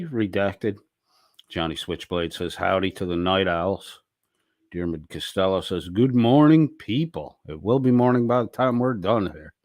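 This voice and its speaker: A man's voice: low-pitched, no echo, studio quality. A man hosting a late-night livestream, reading chat messages aloud and responding in a blunt, profane, sarcastic way.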